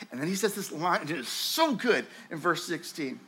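Man, pastor, sermon, bright voice, somewhat high-pitched, animated, conversational, frequent restarts. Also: moderate pace, few pauses, husky.

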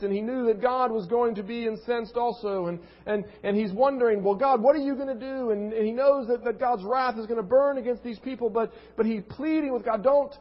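Guy preaching in a church, high voice, kinda muffled and echoey, earnest, repeats himself when he gets going. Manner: earnest, emphatic, repeats words when building a point. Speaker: pastor. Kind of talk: sermon with scripture reading. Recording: muffled recording with long reverb.

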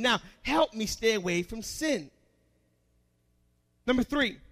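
A man preaching a sermon as pastor, asking the congregation questions and swinging between quiet asides and loud emphatic lines. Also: very high-pitched, lively intonation, slow pace.

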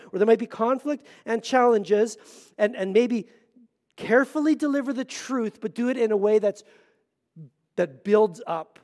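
A middle-aged man preaching a Sunday sermon in a fairly high voice. He talks earnestly and presses hard on key lines, then drops to quiet, hushed asides. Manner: earnest, swings between loud emphasis and hushed asides. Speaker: pastor.

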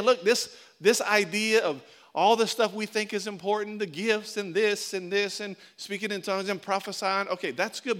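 A man preaching a sermon as pastor, telling stories and acting out little scenes as he goes. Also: sits high. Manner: animated storytelling, acts out little scenes.

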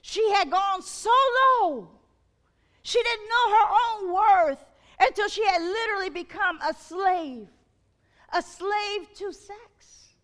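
A woman preacher with a very high-pitched voice gives an impassioned sermon. Her voice swells and drops as she calls out questions to the congregation.

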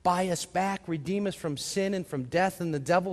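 A man's voice: high voice, normal speed, hardly any pauses, long reverb tail. A man preaching a sermon as pastor, putting questions to the congregation and answering them himself. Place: church sanctuary.

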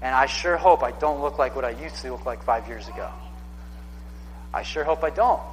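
A man's voice: medium pitch, normal speed, big-room sound, a little hiss or hum, poor audio. A man in his thirties preaching a sermon in a casual, conversational way, often repeating himself for emphasis. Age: 30s. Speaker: pastor.

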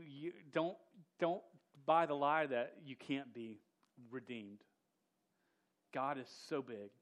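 A man preaching a casual, emphatic sermon who often stumbles and restarts words and drops slang like "dude". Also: mid-range voice.

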